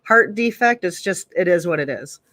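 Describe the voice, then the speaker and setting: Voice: medium pitch, expressive, normal speed, pushed and bright, no echo. A guest in a casual chat, talking candidly and self-deprecatingly and laughing easily.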